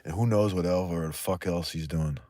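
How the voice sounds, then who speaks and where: A man's voice: low-pitched, steady tone, moderate pace, dark tone, no echo. A man hosting a livestream in loose, profane, rambling chat, laughing often and trailing off mid-thought. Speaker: livestream host.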